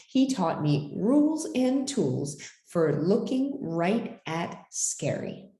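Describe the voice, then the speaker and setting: Animated woman reading a children's storybook aloud. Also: mid-range voice, echoey room. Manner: dramatic, swooping storytelling voice. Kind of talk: expressive children's picture-book reading.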